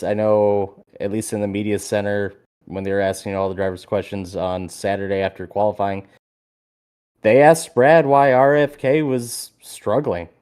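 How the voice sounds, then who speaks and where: A man co-hosting a podcast in casual chat, telling a story with animated energy and plenty of swearing. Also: fairly low pitch, smooth. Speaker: podcast co-host.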